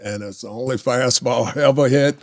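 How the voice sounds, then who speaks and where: A man in his sixties, a former pro baseball player, telling lively anecdotes in a casual chat and laughing often. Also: mid-range voice, fairly quick, dry recording, clean studio sound. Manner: animated anecdotes, laughs often, acts out quotes.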